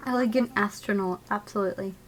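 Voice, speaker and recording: A woman's voice: medium pitch, fast. A woman casually chatting and laughing while live-streaming a video game and talking to her chat.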